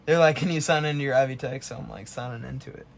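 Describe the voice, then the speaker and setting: A man's voice: mid-range voice, fast, vocal fry, noisy background. A young man co-hosting a podcast, chatting casually and laid-back as he recalls a night in the dorms. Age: young adult. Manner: laid-back, prompting questions. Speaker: podcast co-host. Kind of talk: casual chat.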